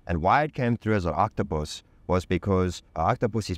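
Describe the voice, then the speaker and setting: A man's voice: low-pitched, brisk, few pauses, dry recording. A man speaking as a podcast guest, telling a candid personal story with intense emphasis, casual slang and swearing.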